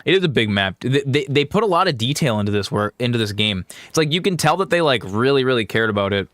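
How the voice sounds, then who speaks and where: A man's voice: medium pitch, animated, fast talker, fairly bright tone, dry recording. Chatty man narrating a game. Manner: chatty, enthusiastic, filler-heavy. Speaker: gaming channel host. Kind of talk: casual let's play commentary. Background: faint music.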